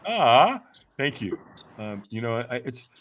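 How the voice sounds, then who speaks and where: A man in his sixties, a podcast guest telling his personal story in an animated way and acting out voices. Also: medium pitch, slow pace, slight background noise.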